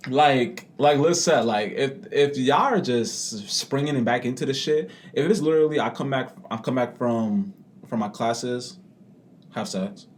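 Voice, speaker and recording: A young man co-hosting a podcast in casual chat, blunt and profane, talking with animated emphasis. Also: medium pitch, measured pace, a little hiss or hum. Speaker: podcast co-host.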